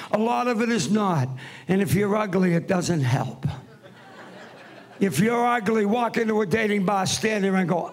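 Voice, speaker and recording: A man's voice: high-pitched, husky. A man in his seventies performing a stand-up comedy routine in a theatre, brash and teasing the audience with punchy one-liners. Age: 70s. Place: theatre stage before a live audience.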